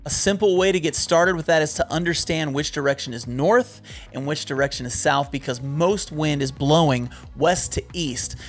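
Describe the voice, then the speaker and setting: A man hosting a backpacking vlog, earnestly explaining how to keep warm when hammock camping. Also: on the high side. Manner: earnest and instructive, stumbles and jokes in bloopers. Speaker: backpacking YouTuber. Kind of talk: outdoor gear how-to vlog.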